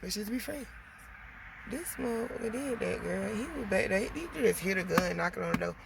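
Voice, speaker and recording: A woman vlogger venting a storytime, animated and swearing, talking straight to her viewers. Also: medium pitch, moderate pace, gravelly, background noise. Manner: animated, swearing, addresses viewers as girl and y'all.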